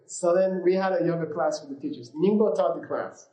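A man's voice: on the high side, a little fast, hardly any pauses, dark tone, dull audio. A man teaching a class in a casual, rambling way, with many fillers, telling anecdotes and laughing easily. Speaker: yoga and meditation teacher. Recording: roomy echo.

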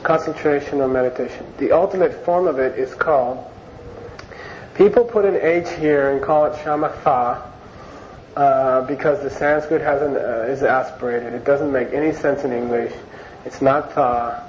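A man teaching an informal Buddhist class in a chatty, unhurried way, restating key words so they sink in. His voice sits in a middle range. The recording is muffled and lo-fi, with a soft hiss underneath. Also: mid-range voice, steady tone. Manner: conversational, repeats words and phrases for emphasis. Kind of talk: informal Dharma class lecture. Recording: dull lo-fi recording with faint hiss.

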